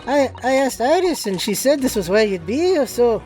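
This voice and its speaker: A woman's voice: a little high, big pitch swings, normal speed, warm tone, faint music behind. A woman voicing a brash, streetwise young female pickpocket in a put-on mixed Irish and Scottish accent, blunt and cheeky. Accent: put-on Irish-Scottish mix.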